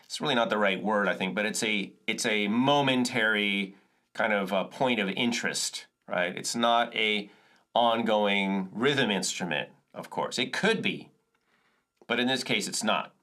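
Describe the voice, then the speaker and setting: Male music teacher, lowish voice, casual step-by-step explainer. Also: measured pace, pushed and bright. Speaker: percussion teacher. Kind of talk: relaxed music lesson walkthrough.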